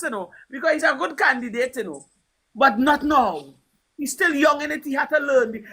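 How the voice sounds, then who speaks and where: A woman's voice: high voice, sharp tone, poor audio. A Trinidadian woman talking politics on a live stream with fervent emphasis, repeating her points. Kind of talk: impassioned political talk.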